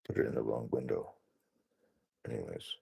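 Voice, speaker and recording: A man with a low, dark voice talks his way through a casual screen-share walkthrough. He rambles and thinks aloud, full of fillers and restarts. His tone is mellow and a little husky. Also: moderate pace. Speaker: solo streamer.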